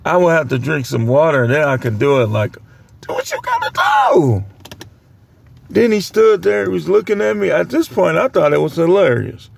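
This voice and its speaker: A young man casually telling work stories to the camera, animated and full of voice impressions. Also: on the high side, brisk, vocal fry, few pauses, slight background noise. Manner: animated, imitates other people's voices mid-story. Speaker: vlogger. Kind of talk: casual storytelling.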